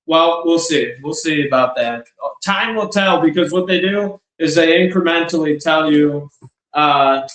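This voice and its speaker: A man's voice: a little high, measured pace. A man co-hosting a podcast, recounting events in a sarcastic, mocking way. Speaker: podcast co-host. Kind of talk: casual political discussion. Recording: roomy echo.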